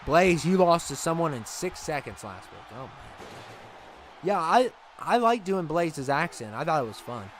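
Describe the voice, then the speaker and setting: A man's voice: a little high, big pitch swings, normal speed, slight background noise. Chatty man hosting a livestream. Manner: chatty, rambling, laughs easily. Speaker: livestream host. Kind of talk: casual chat with viewers.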